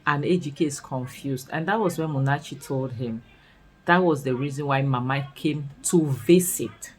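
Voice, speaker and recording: A woman with a Nigerian accent recapping a series in casual commentary, expressive and full of scolding rhetorical questions. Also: rumbling low, normal speed, low-quality recording. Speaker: series reviewer.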